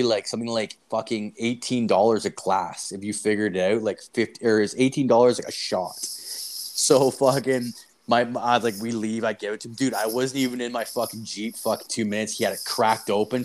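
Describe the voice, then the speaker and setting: Man from Canada, loud swearing storyteller, mid pitch. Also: brisk. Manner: constant swearing, animated and loud. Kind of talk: casual storytelling.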